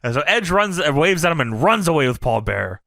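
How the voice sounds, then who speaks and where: A man co-hosting a podcast, recapping a show in animated, profane storytelling. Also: fairly high pitch, fairly quick, vocal fry, dry recording, clean studio sound. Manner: animated storytelling, lots of swearing and laughing. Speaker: podcast co-host. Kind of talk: casual chat, recapping a show.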